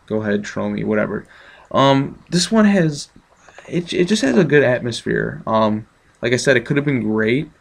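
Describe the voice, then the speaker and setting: A man's voice: medium pitch, animated, normal speed, creaky. A man giving a casual, offhand movie review, chatty with many ums.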